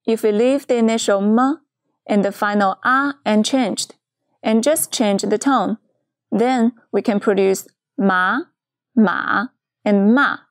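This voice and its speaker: A woman teaching a beginner's pronunciation lesson in a clear, patient scripted dialogue. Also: a little high, unhurried, no echo, clean studio sound. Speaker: Chinese teacher.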